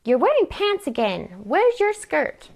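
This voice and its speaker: A woman's voice: mid-range voice, monotone, moderate pace, natural voice. A woman reading her story aloud, voicing a stern aunt who scolds her niece. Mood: scolding. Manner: sharp, scolding, raised voice. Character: stern strict aunt, middle-aged woman, scolding healer.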